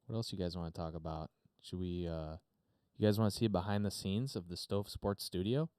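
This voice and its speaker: A man's voice: low voice, brisk, warm tone, clear, resonant tone, no room sound. A man hosting a podcast, chatting unscripted on a live stream from his home studio, rambling with lots of fillers and casual swearing. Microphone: desk mic through a mixer.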